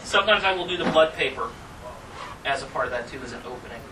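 A man's voice: mid-range voice, lively intonation, fast. Male magician demoing for a small group; chatty, playful. Recorded from a distance with room noise. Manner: chatty, teasing, theatrical asides. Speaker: magician presenter. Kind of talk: live workshop demonstration. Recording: distant mic with clear background noise.

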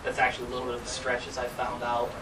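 A man's voice: mid-range voice, monotone, very fast. Male magician demoing for a small group; chatty, playful. Recorded from a distance with room noise. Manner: chatty, teasing, theatrical asides. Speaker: magician presenter. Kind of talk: live workshop demonstration. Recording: distant mic with clear background noise.

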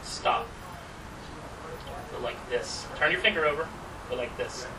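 A man's voice: fairly high pitch, sing-song, measured pace. Male magician demoing for a small group; chatty, playful. Recorded from a distance with room noise. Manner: chatty, teasing, theatrical asides. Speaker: magician presenter. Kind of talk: live workshop demonstration. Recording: distant mic with clear background noise.

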